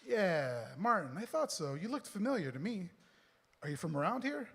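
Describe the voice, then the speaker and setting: A man doing a pushy, gruff bus driver. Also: high-pitched, sing-song, normal speed, a bit bright, in a large hall, exaggerated voice. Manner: rough slangy talk, scolding.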